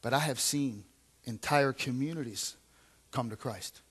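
A man, a pastor, preaching a sermon in a conversational way, repeating phrases and swinging from quiet asides to loud emphatic lines. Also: mid-range voice, a little slow, husky.

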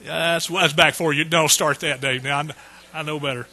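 A man's voice: fairly high pitch, fairly even intonation, moderate pace, bright, forceful tone, rough recording. A man preaching a sermon in a folksy, joking way. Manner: folksy, joking asides to the congregation. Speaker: pastor.

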